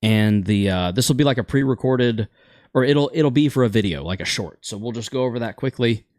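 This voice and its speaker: A man's voice: mid-range voice, animated, fairly quick, a little mellow, no echo, studio quality. A man hosting a casual gaming chat show, rambling and opinionated, stumbling over words now and then.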